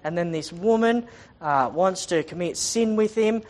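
A preacher delivers a sermon at a middling pitch, moving between reading scripture aloud and retelling it in casual everyday words. Key points come back again and again for emphasis. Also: a little slow, a little mellow. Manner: emphatic, repeating phrases for stress.

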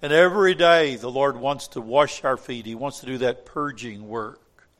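An older man preaching a sermon in an earnest way, going from quiet, tender lines to loud, emphatic ones. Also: mid-range voice, normal speed. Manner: earnest, swings from soft to emphatic when quoting scripture.

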